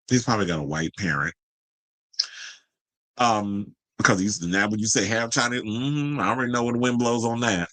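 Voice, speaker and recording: Sassy guy ranting gossip on a podcast, bright voice, swears a lot, dry close mic. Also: normal speed, dry recording, poor audio. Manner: brash, profane and sassy, jumping to high exclamations. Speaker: podcast host. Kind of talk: unscripted celebrity gossip commentary.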